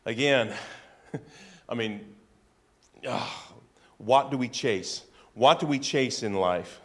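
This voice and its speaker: A man delivers a sermon in an easy, conversational manner. He drops casual asides to his listeners, then drives his points home through emphatic repetition. His voice sits at a mid pitch. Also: takes it slowly. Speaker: pastor.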